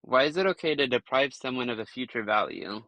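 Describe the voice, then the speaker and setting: A young man calling into a live stream, giving flat, evasive answers. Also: medium pitch, brisk, no room sound. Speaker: caller.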